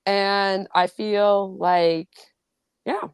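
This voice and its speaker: A woman's voice: mid-range voice, steady tone, drawn-out words, smooth, dry recording. A woman hosting a casual chat, rambling and giggly, with lots of "like". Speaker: host.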